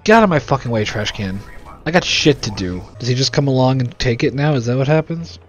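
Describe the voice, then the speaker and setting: A man's voice: mid-range voice, animated, a little fast, lo-fi sound. A young man hosting casual gameplay commentary, sarcastic and full of swearing and jokes into a desk microphone. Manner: profane, sarcastic, joking. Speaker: let's play host.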